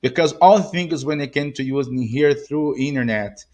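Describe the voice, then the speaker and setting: A man with a Brazilian Portuguese accent teaching English pronunciation. He repeats short model phrases slowly with exaggerated stress and slips into Portuguese asides. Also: mid-range voice, darkish tone.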